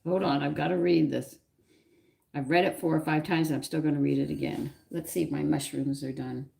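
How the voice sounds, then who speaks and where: Low gravelly woman chatting while cooking. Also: fairly even intonation, a little fast, warm tone. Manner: chatty, talks to herself, viewers and her pet while working. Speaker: cooking show host. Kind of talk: casual cooking livestream chat. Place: home kitchen. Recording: noisy kitchen with clattering dishes.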